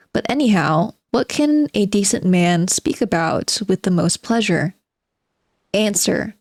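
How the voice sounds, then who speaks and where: A woman's voice: medium pitch, dry recording, clean studio sound, natural voice. A woman reading aloud as a spiteful, bitter forty-year-old male recluse who sardonically lectures his listeners. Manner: sardonic, self-mocking monologue addressed to "gentlemen".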